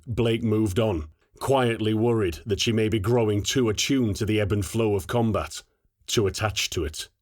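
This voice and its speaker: Brief: low, measured male audiobook narrator, dry close mic. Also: darkish tone, no echo.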